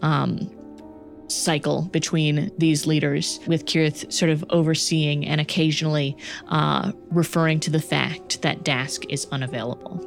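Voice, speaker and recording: Young woman, game master, tabletop game narration, low voice, slow, hesitant. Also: vocal fry, soft background music. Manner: relaxed, hesitant, many fillers.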